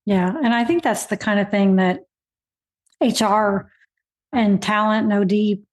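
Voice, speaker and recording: A woman's voice: mid-range voice, unhurried. A woman hosting a podcast interview, responding to her guest in an affirming, reflective way. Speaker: podcast host. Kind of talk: interview conversation.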